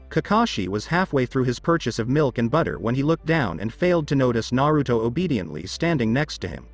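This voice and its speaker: A man narrating fan fiction in an expressive storytelling read. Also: medium pitch.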